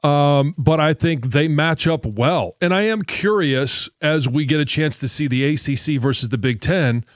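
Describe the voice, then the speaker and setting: A man's voice: fairly high pitch, moderate pace, few pauses, dry recording, clean studio sound. A man co-hosting sports talk radio, musing aloud and hesitant, with many fillers.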